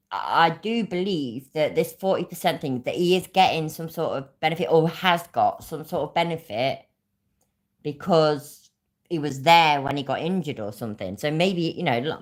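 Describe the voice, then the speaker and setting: A British woman hosting a livestream, ranting angrily with heavy swearing and answering chat viewers by name. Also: sits low. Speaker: livestream host. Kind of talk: casual livestream rant.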